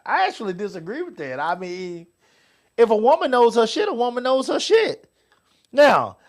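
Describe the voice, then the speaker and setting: A man's voice: high voice, a bit bright. An older man, hosting a casual talk show, rambling, repeating himself and laughing often. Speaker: host.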